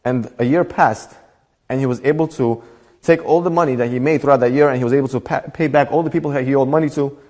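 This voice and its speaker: A man, a rabbi, telling a story in a Torah class in a lively storytelling manner. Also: medium pitch, fast, in a large hall. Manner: animated storytelling with voiced characters.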